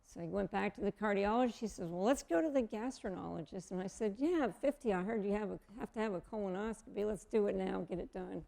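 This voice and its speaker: A woman in her fifties telling a personal story as a guest, animated and acting out the dialogue of the people in it. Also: mid-range voice, fast, vocal fry, few pauses. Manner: animated, acts out quoted dialogue.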